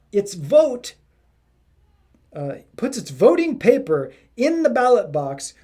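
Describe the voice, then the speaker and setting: Guy doing a posh english accent, pompous and slow, kinda high. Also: a little mellow. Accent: English, put on. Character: hoity-toity upper-class English gentleman reader.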